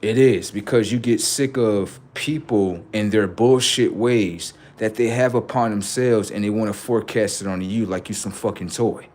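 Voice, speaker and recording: A middle-aged man rambling profanely to his livestream about his kids, acting out what they say in lively quoted voices. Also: lowish voice, normal speed, hardly any pauses. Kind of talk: casual monologue to a livestream audience.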